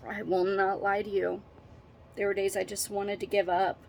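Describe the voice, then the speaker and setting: A woman's voice: medium pitch, little pitch movement, normal speed, creaky, a little hiss or hum. A middle-aged woman telling her own story, earnest and emotional, holding back tears as she halts and restarts. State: tearful, holding back crying. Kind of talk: personal storytelling to camera.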